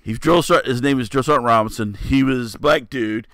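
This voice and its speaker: A man's voice: mid-range voice, brisk, fairly bright tone, dry recording. A middle-aged man co-hosting a casual chat, laid-back and joking, rambling with fillers. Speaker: podcast co-host.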